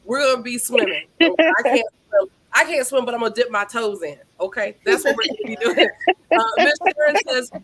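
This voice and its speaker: A woman hosting a lively live-stream author chat, bubbly and playful. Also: on the high side, a little fast. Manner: lively, animated, playful Southern-style banter. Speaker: host.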